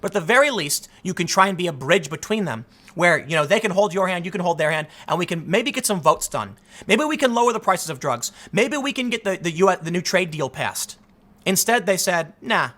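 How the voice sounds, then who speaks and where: A man's voice: high-pitched, a bit bright. A man hosting a heated political commentary monologue, emphatic and indignant, often repeating words as he restarts. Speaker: political commentator, show host.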